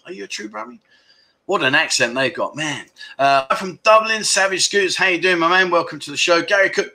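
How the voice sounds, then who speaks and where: A middle-aged man hosting a casual livestream chat, rambling and joking as he reads out viewer comments with quick asides. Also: fairly high pitch, sharp tone. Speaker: livestream host.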